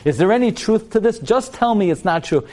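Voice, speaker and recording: A woman's voice: mid-range voice, lively intonation, brisk, warm tone, voice pushed up, lightly acted. A man voicing a distraught widow who pleads anxiously and insistently. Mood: pleading.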